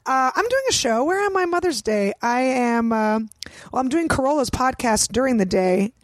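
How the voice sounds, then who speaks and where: A woman comedian in her thirties chats on a podcast with a slightly high voice. The recording is dry and close. She jokes and swears freely in a loose, animated way. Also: normal speed, no echo. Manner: profane, joking, animated. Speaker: comedian guest. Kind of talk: casual chat.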